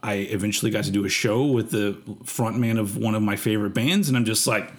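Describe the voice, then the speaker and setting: A man's voice: on the low side, fairly quick. Rambling, cussing podcast host man. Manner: rambling, many fillers and swearing. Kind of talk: casual podcast chat.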